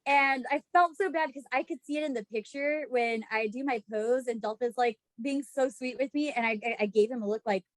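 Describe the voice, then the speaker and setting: A woman co-host tells stories in casual chat, her voice sitting a little high. She laughs often and acts out her own past lines. The sound is dry and close. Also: brisk, hardly any pauses, no room sound. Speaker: podcast co-host.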